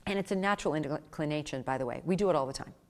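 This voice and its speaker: A woman's voice: deep voice, racing, darkish tone, long reverb tail. A woman giving a live seminar to pet-business owners, acting out little quoted exchanges as she goes.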